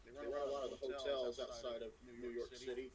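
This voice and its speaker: Deadpan man over a loud crowd. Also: mid-range voice, a little fast. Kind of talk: casual chat. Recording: loud crowd noise behind.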